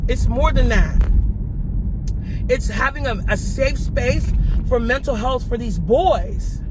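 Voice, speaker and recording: Woman, vlogger, blunt, profane, heated rant, loud traffic noise in background. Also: on the high side, lively intonation, slow pace. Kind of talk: vlog rant.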